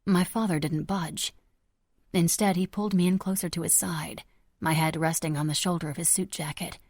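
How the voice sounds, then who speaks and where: Woman audiobook narrator, low voice, tense delivery, dry close recording. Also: steady tone, normal speed, a little mellow, no room sound. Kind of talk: first-person audiobook narration.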